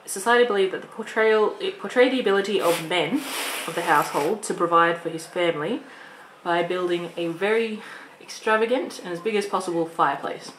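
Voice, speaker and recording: A woman's voice: fairly low pitch, a little fast. A young Australian woman vlogging in casual chat, rambling and laughing often, restarting her sentences as she goes. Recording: echoey room with faint noise.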